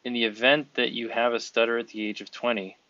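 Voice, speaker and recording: Male podcast host, earnest and encouraging, bright tone, dull dry recording. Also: medium pitch, level tone, fast talker, dry recording. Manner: earnest, encouraging, talks in long flowing sentences. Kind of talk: conversational interview. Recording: dull, slightly lo-fi sound.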